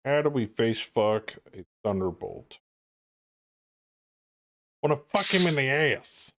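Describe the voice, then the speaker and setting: A man's voice: medium pitch, big pitch swings, slow, a bit bright. A man streaming a co-op mech game, joking crudely and laughing often. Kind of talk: casual joking game chat.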